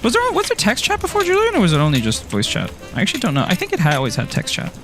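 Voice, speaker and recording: A man with a high voice whose pitch swoops wildly talks at a racing pace over background music. He's an Irishman streaming a game, rambling, joking with viewers, teasing himself and laughing a lot as he chats through the gameplay.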